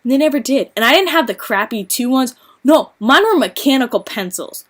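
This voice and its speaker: A woman's voice: sits high, animated, a little fast, a bit bright. A young woman vlogging a casual rant, chatty and exasperated, swearing freely and saying "like" a lot. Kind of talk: casual venting rant to camera.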